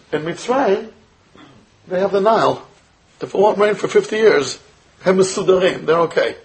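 A man's voice: high voice, low-quality recording. An American man teaching a Torah class as a rabbi, firing rhetorical questions at his students and weaving in Hebrew and Yiddish terms. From United States. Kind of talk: Torah lecture.

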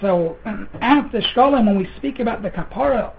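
A man giving an earnest Torah lecture, mixing Hebrew terms into English, often repeating words and clearing his throat. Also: high-pitched, expressive, normal speed. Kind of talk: sermon. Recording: tinny phone-like sound.

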